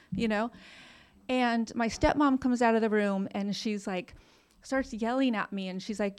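A woman's voice: a little high, moderate pace. Frank woman telling a hard story. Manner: frank, self-deprecating, laughs through hard memories, swears casually. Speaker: recovering alcoholic sharing her story. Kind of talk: candid personal storytelling.

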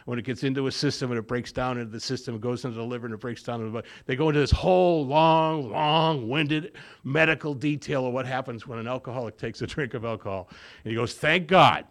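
A man's voice: medium pitch, fairly even intonation, fast. A man speaking at a recovery meeting, telling his story to the group and acting out the voices in remembered conversations. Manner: storytelling that acts out both sides of remembered dialogue. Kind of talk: personal recovery talk to a group.

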